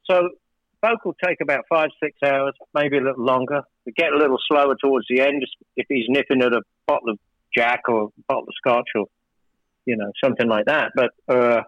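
A record producer with a medium-pitched, fairly even voice speaks briskly, telling studio stories in a casual storytelling interview. He rambles and often restarts his sentences. The recording has no room sound and the highs are cut off.

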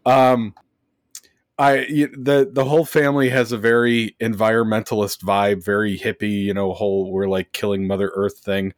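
A man's voice: on the low side, flat delivery, normal speed, no room sound, clean studio sound. Sarcastic man reviewing a movie. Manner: sarcastic, mocking; reads from notes, many fillers. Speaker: podcast co-host. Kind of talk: casual movie review chat.

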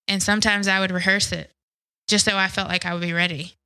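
A woman in an interview, speaking candidly and reflectively about her past, often pausing and restarting her sentences. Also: mid-range voice, flat delivery, sharp tone, smooth, low-quality recording. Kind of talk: personal testimony interview.

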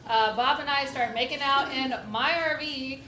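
A woman's voice: high voice, moderate pace, bright, forceful tone. A woman telling a candid comedic story in a casual way, giggling and saying "like" a lot. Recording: echoey room with background noise.

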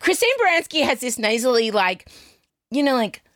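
A woman's voice: fairly high pitch, expressive, moderate pace, dry recording, studio quality. A woman co-hosting a podcast over a video call, playful and giggly, keen to try impressions. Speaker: podcast co-host. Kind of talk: casual chat.

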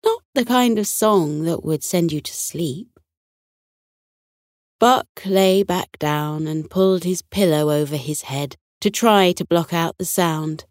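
A woman reading a scripted bedtime story for children in a soothing, expressive way. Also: on the low side, slow, no room sound, clean studio sound.

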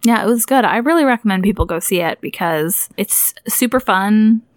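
A woman's voice: mid-range voice, lively intonation, normal speed, no room sound, clean studio sound. A woman co-hosting a podcast in casual chat, chatty and teasing, full of "like" and "you know". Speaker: podcast co-host.

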